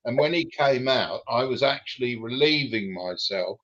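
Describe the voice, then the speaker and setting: Storyteller, bright and forceful tone, cheeky and profane, dull lo-fi sound. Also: male voice, mid-range voice, moderate pace. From Britain. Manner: cheeky, swearing, relaxed storytelling. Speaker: former racing driver telling stories. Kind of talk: casual anecdote on a live stream. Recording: dull lo-fi recording.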